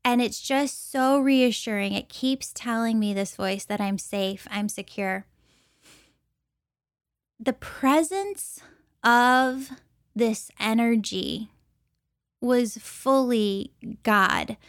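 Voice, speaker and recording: An earnest woman tells a personal story, taking her time and lingering over each phrase. Her voice sits a little high and she circles back to repeat key words for weight. The sound is close and dry. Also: takes it slowly, no room sound. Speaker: intuitive reader.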